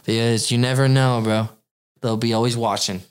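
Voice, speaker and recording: A man's voice: mid-range voice, steady tone, normal speed, clear, resonant tone. A man ranting on a casual podcast, boastful and heavy on the swearing. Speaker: podcast co-host. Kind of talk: casual profane podcast chat.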